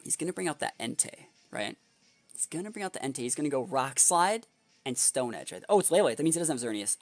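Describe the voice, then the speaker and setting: Animated young man muttering game strategy. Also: medium pitch, fast, faint music behind. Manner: analytical, muttering strategy to himself, then bursting into exasperated outbursts. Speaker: competitive game player and video creator. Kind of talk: thinking-aloud gameplay commentary.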